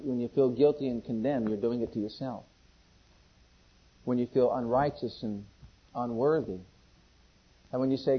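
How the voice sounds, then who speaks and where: Husky-voiced preacher, lo-fi sermon. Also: male voice, medium pitch. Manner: swings from loud scripture calls to hushed, intimate pleading; call-and-response questions to the congregation. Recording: dull, lo-fi sermon recording.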